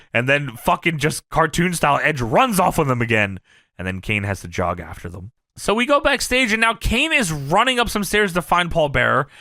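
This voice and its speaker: A man co-hosting a podcast, recapping old wrestling shows in a casual, profane, animated way. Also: medium pitch, dry recording, studio quality. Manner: animated and profane, jumping into quoted voices. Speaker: podcast co-host.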